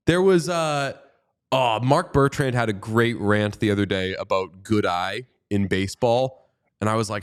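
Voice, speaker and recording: A man co-hosting a sports podcast in casual chat, animated and joking, swearing freely. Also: fairly low pitch, unhurried, clear, resonant tone. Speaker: podcast co-host.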